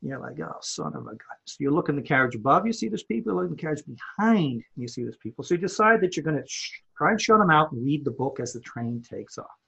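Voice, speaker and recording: Husky, lively male interview guest. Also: fairly high pitch, fast. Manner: animated, repeats words while building a story. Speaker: guest, home improvement company owner. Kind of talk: storytelling in a podcast interview.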